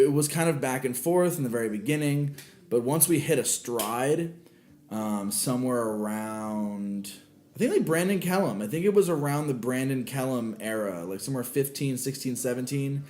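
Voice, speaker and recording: A man's voice: medium pitch, a little mellow. Emotional rambling male podcast host. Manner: rambling, emotional, swears, restarts often. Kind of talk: casual solo podcast monologue. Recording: roomy echo with faint music.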